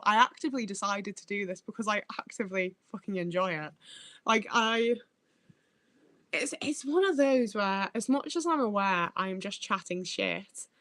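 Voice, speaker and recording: A woman's voice: fairly high pitch, a bit bright, dry recording. A young woman with a northern English accent chatting casually on a livestream, laughing often and swearing freely. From Stoke-on-Trent, England. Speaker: livestreamer reading chat. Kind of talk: casual chat.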